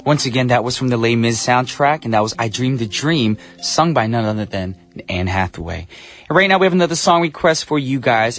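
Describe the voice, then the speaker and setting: A man's voice: medium pitch, a bit bright, no room sound. A male radio DJ hosting a show from the studio in casual, upbeat, slightly goofy patter. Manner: upbeat, chatty, a little goofy. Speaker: radio DJ host.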